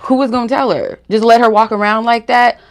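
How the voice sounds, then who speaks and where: A woman's voice: on the high side, fairly even intonation, a little fast. A woman hosting her spiritual reading channel, talking frankly to camera in a casual monologue full of fillers and asides. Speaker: spiritual reader and channel host.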